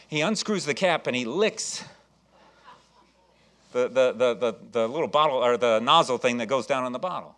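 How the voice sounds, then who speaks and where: A man's voice: mid-range voice, animated, moderate pace. A man preaching a sermon, telling stories with lots of fillers and repeated words, then rising in enthusiasm as he urges his listeners on. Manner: storytelling, acts out voices, jokes with the congregation; enthusiastic preaching, rising loud when exhorting. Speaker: pastor.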